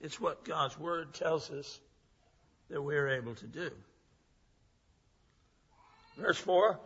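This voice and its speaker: A man's voice: a little high, lively intonation, slow pace, pauses often, bright, forceful tone, husky. A man preaching a sermon as pastor, teaching by asking and answering his own questions. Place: church sanctuary. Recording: dull long-reverb church hall recording.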